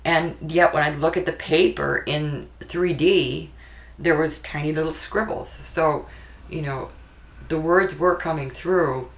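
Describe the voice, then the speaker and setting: A mother telling a deeply personal story in an earnest, emotional way, often repeating her words. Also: steady tone, unhurried. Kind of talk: personal spoken recollection. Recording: echoey room recording.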